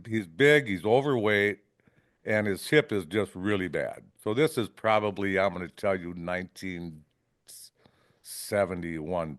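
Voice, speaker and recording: In a podcast studio, a Wisconsin fishing guide tells rambling, casual stories in a fairly low voice, recorded with studio quality and no echo. He often ends lines with "right?" and acts out salty quotes.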